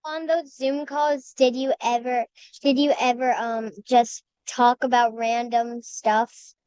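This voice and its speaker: A young interviewer asking an author questions with some hesitation. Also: female voice, a little high, little pitch movement, takes it slowly, a little mellow, smooth, no echo, rough recording.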